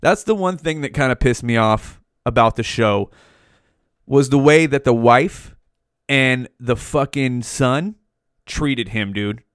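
This solo podcast host, a man in his forties, talks slowly in a smooth, mid-range voice while ranting with heat and nonstop swearing. He's pressed right up to the microphone in a small home room, captured dry and at studio quality.

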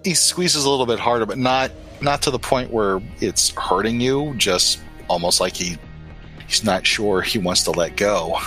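A man's voice: lowish voice, moderate pace, sharp tone, soft background music, poor audio. A man narrating as game master of a tabletop role-playing game, in loose, filler-heavy speech.

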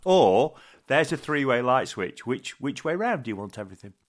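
Male co-host, animated pitch, teasing, chatty. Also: normal speed. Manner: teasing questions, hesitant fillers. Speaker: podcast co-host. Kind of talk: casual chat.

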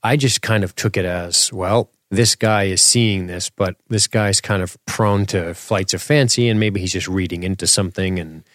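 A man co-hosts a podcast in casual chat. He rambles and restarts his thoughts, with a low voice and lots of enthusiasm. The sound is dry and close. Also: fairly even intonation, normal speed, hardly any pauses, fairly bright tone, no echo. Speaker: podcast co-host.

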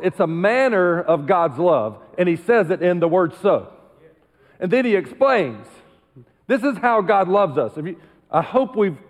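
A male pastor preaching a sermon emphatically, dropping into quiet asides. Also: a little high, big-room sound. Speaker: senior pastor. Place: church sanctuary.

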